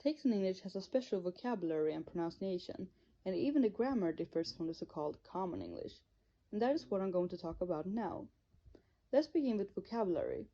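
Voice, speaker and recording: A woman's voice: fairly low pitch, dark tone. A young woman reading a school presentation in an earnest, careful way. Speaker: student presenter. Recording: dull lo-fi recording.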